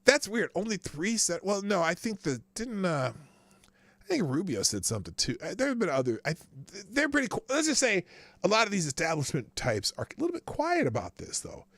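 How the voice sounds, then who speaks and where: A man hosting a live political commentary show, his voice rough and gravelly and slightly high. He talks in a sarcastic, rambling way, swearing freely and restarting his sentences, with a very animated melody. The sound is dry and close, with almost no room echo. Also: a little fast.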